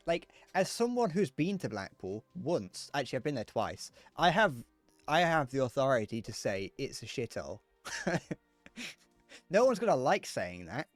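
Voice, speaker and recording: While gaming on stream, a young Northern Irish man chats casually to his audience, meandering and laughing at his own jokes. His medium-pitched voice is very animated at a moderate pace. No room sound, with faint music in the background.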